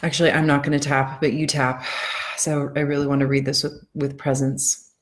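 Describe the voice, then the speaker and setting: A woman leading a tapping session, speaking gentle affirmations slowly and soothingly, then talking earnestly and warmly to her live audience. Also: deep voice, level tone. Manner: earnest, heartfelt. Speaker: EFT tapping coach. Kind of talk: casual live-stream talk.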